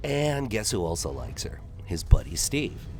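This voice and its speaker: A man's voice: fairly low pitch, very animated, a little slow. A man doing gameplay commentary, telling a long rambling joke and acting out the characters in raised voices.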